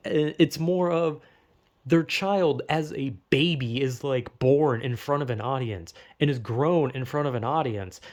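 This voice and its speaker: A young man delivering a loose, unscripted commentary, full of swearing and restarts. His voice sits a little higher than most men's, and he rambles between points with a casual, offhand manner. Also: darkish tone. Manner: profane, rambling, self-interrupting with laughs. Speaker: video essayist.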